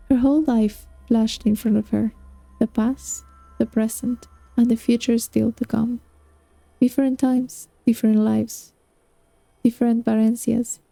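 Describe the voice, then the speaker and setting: A woman reading a novel aloud as a book narrator, speaking in an unhurried way. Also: on the high side, creaky, mellow, dry recording. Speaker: audiobook reader.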